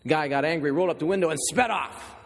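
A man's voice: a little high, fast, vocal fry. A man preaching a sermon as pastor, reading scripture and telling stories with conversational asides to the congregation. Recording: long reverb in a large hall.

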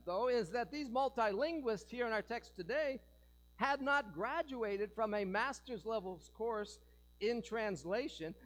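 High-voiced, lively joking preacher man. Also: poor audio. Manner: animated, joking, asks the congregation rhetorical questions. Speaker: pastor. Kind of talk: sermon. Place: church.

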